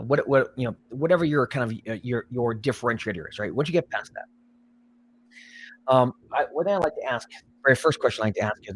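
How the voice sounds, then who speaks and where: A man's voice: medium pitch, quick pace. A man hosting a live recruiting show, chatting casually and rambling with many restarts. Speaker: podcast host, recruiter. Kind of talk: casual live-stream chat.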